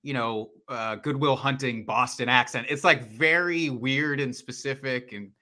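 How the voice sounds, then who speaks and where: A man with a high, slightly odd voice, chatting casually as a podcast guest and often laughing at himself. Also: a little slow, sharp tone. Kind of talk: casual chat.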